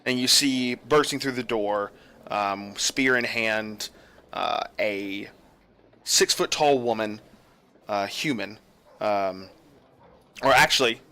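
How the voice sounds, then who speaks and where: Male game master, bright voice, descriptive narration with lots of ums. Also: fairly low pitch, slow pace, long pauses, clean tone. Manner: descriptive, with many fillers.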